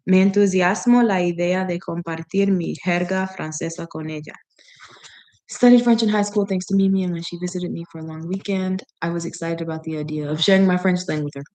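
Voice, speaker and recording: Reading aloud to practice a language she's studying, a woman adds casual commentary, laughs often, and stops to work out tricky words. Her voice is fairly low and mellow, steady in tone and brisk.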